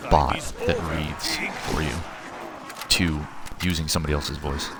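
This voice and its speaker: A man's voice: rumbling low, flat delivery, measured pace, heavy background noise. A man in his thirties from Missouri, streaming a video game at home at night and chatting loosely with his viewers, rambling and correcting himself as he goes. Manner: rambling, chatty, answers chat messages aloud, self-correcting. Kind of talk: casual live-stream chat while gaming. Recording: game music and gunfire under voice.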